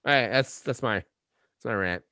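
A man's voice: medium pitch, measured pace, bright, forceful tone, no room sound, clean studio sound. A man co-hosting a podcast, rambling and cursing with many restarts as he rants. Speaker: podcast co-host. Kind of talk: casual podcast chat.

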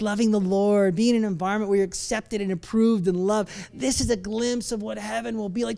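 Animated preacher with loud emphatic bursts. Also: medium pitch, vocal fry. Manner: stumbles and restarts words; playful asides with laughter. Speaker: pastor. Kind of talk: sermon. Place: church service.

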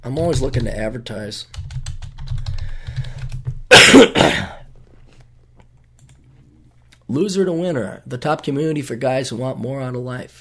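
A man's voice: medium pitch, a bit bright. A man from Minnesota hosting his own podcast, talking casually in a sarcastic, ranting way and swearing freely. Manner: mocking voices when quoting people. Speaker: podcast host. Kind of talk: casual solo podcast monologue.

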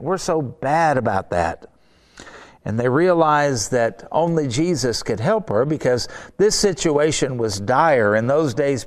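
Earnest preacher man with a smooth, high voice. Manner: earnest, emphatic, rises in pitch when urging. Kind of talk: sermon.

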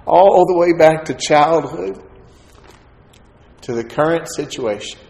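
A man giving a sermon testimony as a preacher, telling his story in an animated way and acting out the voices of the people in it. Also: fairly high pitch, takes it slowly, gravelly. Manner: animated storyteller, acts out quoted voices with laughter. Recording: echoey hall with faint ambience.

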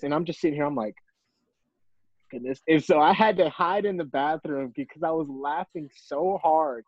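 A man's voice: on the high side, normal speed, dry recording, lo-fi sound. A young man, a baseball player, chatting casually as a podcast guest and laughing through an easygoing story. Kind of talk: casual interview.

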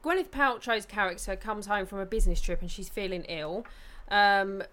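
A woman's voice: mid-range voice, normal speed, a bit bright. Chatty southern English woman. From Watford, England. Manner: chatty, laughs often, swears casually. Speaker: podcast co-host. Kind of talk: casual film chat.

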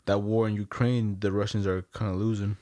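A man's voice: fairly low pitch, little pitch movement, brisk, dark tone, dry recording, clean studio sound. A young man in casual chat, rambling and slangy, full of "like" and "bro".

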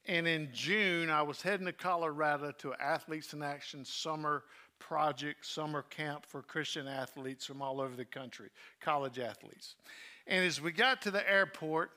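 Earnest bright-voiced male preacher. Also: fairly high pitch, normal speed. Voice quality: earnest, drops soft when emotional. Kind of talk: sermon with personal storytelling.

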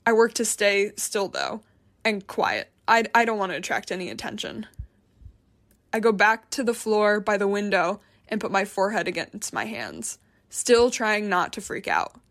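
A woman's voice: medium pitch, lively intonation, normal speed, a bit bright. A woman narrating a first-person memoir in a tense, frustrated, introspective way.

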